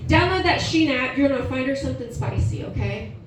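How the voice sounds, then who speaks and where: A woman's voice: high voice, lively intonation, a little fast, noisy background. A woman in her forties doing a brash, profane stand-up set and chatting with the crowd, recorded live on a comedy club stage. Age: 40s. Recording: roomy live venue, distant mic, audience laughter.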